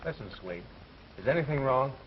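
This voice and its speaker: A man's voice: medium pitch, animated, brisk, a little hiss or hum, close to an everyday voice. Actor as a breezy, wisecracking newspaperman, lo-fi old film sound. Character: wisecracking young male college reporter. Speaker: newspaper reporter. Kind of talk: 1930s film acting.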